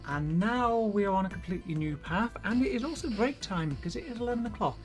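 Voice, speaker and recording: A woman's voice: mid-range voice, expressive, fast, soft background music. A woman streamer narrating a visual novel and chatting casually, thinking aloud between passages.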